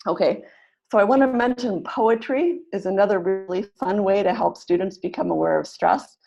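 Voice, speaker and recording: A woman leading an online teaching webinar, upbeat, who slows down to sound out words syllable by syllable. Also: mid-range voice, vocal fry, warm tone, lo-fi sound. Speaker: teacher trainer.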